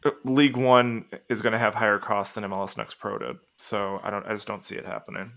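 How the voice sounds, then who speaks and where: A man's voice: on the low side, little pitch movement, fast talker, creaky, fairly bright tone. A man co-hosting a casual podcast, reasoning aloud hesitantly with frequent restarts. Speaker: podcast co-host.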